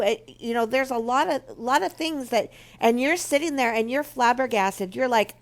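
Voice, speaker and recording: A woman's voice: a little high, moderate pace, hardly any pauses. A woman speaking for a marriage ministry, earnestly telling a personal story and teaching from it. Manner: earnest, storytelling, acts out remembered quotes. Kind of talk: personal testimony and teaching talk.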